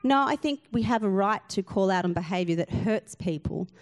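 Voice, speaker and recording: A woman's voice: mid-range voice, animated, moderate pace. A woman pastor, giving an earnest sermon full of rhetorical questions and emphatic repetition.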